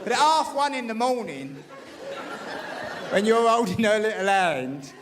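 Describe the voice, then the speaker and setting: High-voiced Cockney comedian in an echoey theatre. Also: male voice, measured pace, crowd noise. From East End of London. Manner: animated storytelling with acted-out voices. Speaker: stand-up comedian. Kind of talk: stand-up comedy. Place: large theatre stage. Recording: echoey theatre, loud noise. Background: audience laughter.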